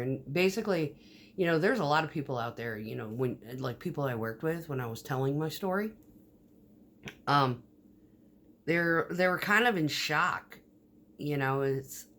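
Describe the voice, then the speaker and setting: A woman's voice: rumbling low, slight background noise. A woman vlogger telling stories in a casual, rambling monologue, swearing often, with many fillers and restarts. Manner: profane, storytelling, frequent fillers and restarts.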